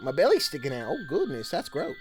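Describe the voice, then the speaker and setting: A man's voice: a little high, huge pitch swings, fast talker, soft background music. A man streaming live, chatting casually with viewers in a folksy camp-counselor persona full of drawled "y'all"s. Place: home streaming room with blanket-draped backdrop.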